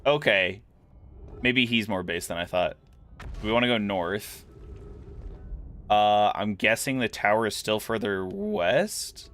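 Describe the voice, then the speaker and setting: A man's voice: on the low side, expressive, slow, long pauses, fairly bright tone. A man giving casual, rambling gameplay commentary, musing aloud as he plays. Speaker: gaming streamer.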